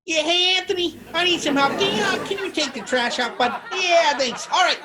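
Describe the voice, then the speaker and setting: A man voicing a loud, proud, wealthy middle-aged dad with a high, nasal voice who blurts things out. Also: moderate pace, a crowd in the background. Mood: breezy.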